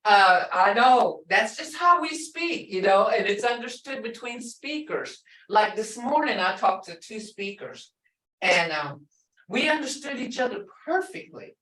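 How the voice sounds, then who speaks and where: A woman language teacher explains slowly, going over each example word again and again. She sits some distance from her mic, so the voice sounds roomy and a little far off. She is patient and clear. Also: a little high, expressive, a bit bright. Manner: slow, patient explaining with repeated example words. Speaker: language instructor. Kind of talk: online language lesson.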